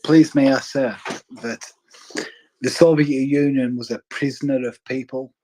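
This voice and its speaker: Cumbrian male caller, blunt, warm low-toned delivery. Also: fairly even intonation, measured pace, rough recording. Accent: Cumbrian English. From northwest England. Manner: blunt and earnest, swears casually. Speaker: caller in a live audio space. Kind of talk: casual chat.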